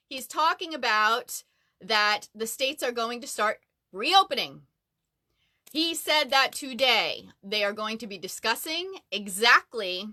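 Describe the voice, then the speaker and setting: A bubbly woman hosts a casual livestream from inside her closet at home. Her voice is bright and on the high side, and she chats along easily, greeting viewers by name as they join. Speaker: livestream host.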